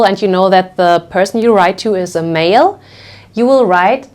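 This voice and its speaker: A woman teaching pronunciation in English, explaining patiently and checking in often with the listener. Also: mid-range voice. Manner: patient, slow, checks in with frequent "okay?". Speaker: German teacher. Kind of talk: language lesson explaining pronunciation.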